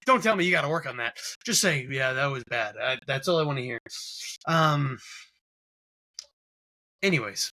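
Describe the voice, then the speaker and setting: A man's voice: fairly high pitch, animated, normal speed, long pauses, sharp tone. A man with a New York accent hosting a casual sports podcast, ranting with heavy profanity. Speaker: podcast host.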